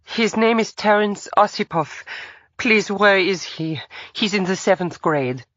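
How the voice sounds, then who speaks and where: A woman's voice: medium pitch, measured pace, fairly bright tone, dry recording, dull audio, voice pushed up, natural voice. A woman voicing a frantic, wealthy mother with a Russian accent, pleading.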